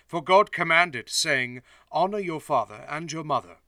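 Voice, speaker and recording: A man voicing a solemn male teacher who speaks in a quiet, low, measured way. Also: expressive, dry recording, full character voice. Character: calm, solemn male teacher rebuking critics.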